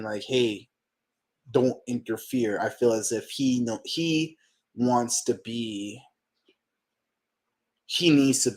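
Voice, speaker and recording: A man with a mid-range voice runs a manga reaction channel, muttering to himself as he reads. His casual commentary is excitable and full of swearing.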